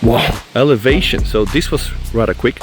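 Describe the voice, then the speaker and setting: Male tech reviewer, mid-pitch, slightly breathless, casual trail walk-and-talk outdoors. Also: animated, normal speed, soft background music. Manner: chatty, addresses viewers as guys. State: out of breath from fast walking.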